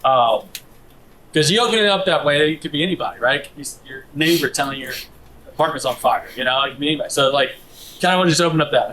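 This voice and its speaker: A man teaching a live workshop, coaching the room in a brisk, direct way. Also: a little high, bright, forceful tone, rough recording. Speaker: instructor.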